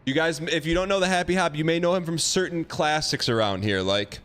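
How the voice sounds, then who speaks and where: A man's voice: fairly high pitch, a little fast, over loud music. A man hosting a gaming livestream, chatting casually, joking and reading out chat. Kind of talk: casual chat while streaming a game.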